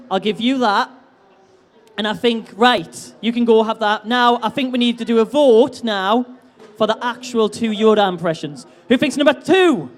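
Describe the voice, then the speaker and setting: High-voiced man hosting a stage game. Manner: jokey, teasing, upbeat banter. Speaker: stage host at a convention. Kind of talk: live audience game hosting.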